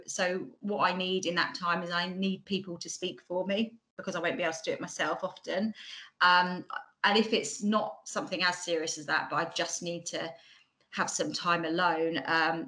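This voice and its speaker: A woman in her forties speaking in a Bracknell accent that leans Mockney, talking at an online conference. Her voice is low-set but bright and forward. She rambles in a chatty way, full of ums and false starts, through a computer microphone. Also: low-quality recording. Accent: Bracknell, Mockney-like estuary. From England. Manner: chatty, frequent ums and restarts.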